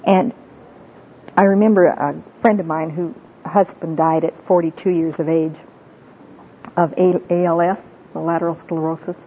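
A woman's voice: steady tone, normal speed. A woman giving a heartfelt, sermon-like talk, telling personal stories in an earnest, tearful way. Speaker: Christian women's speaker. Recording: tinny phone-like sound with faint rumble.

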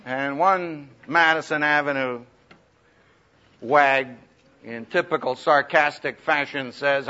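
Man, preacher, high voice, lively pitch, humorous teaching talk, dull lo-fi recording. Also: takes it slowly. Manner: animated, humorous, acts out quoted voices loudly. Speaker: preacher teaching speaking skills. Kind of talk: lively sermon-style talk to students.

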